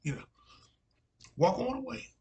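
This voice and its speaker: A man voicing an old Southern preacher with a Southern US accent, giving stern, repetitive advice loudly. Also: very high voice, very animated, unhurried, creaky, a little hiss or hum, pitched above the performer's own voice, heavily acted. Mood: emphatic warning. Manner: loud, emphatic, repetitive.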